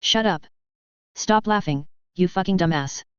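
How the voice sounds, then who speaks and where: A sarcastic, foul-mouthed teenage girl healer, as a woman reads her lines in a story. The voice sits low and stays very smooth. The sound is dry and close, a little dull. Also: a little slow, no room sound, natural voice. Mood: upset. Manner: sarcastic, swearing outbursts.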